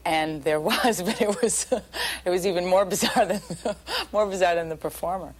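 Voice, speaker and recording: A woman's voice: on the low side, lively intonation, normal speed. A woman reminiscing in an interview, chatty and laughing as she tells her story.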